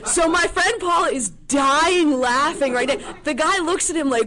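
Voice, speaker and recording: A woman's voice: high voice, lively intonation, moderate pace, sharp tone. A woman telling a funny story on a convention panel, bubbly and laughing often, acting out the voices she quotes on a handheld mic. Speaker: voice actress guest. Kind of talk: animated convention panel anecdote.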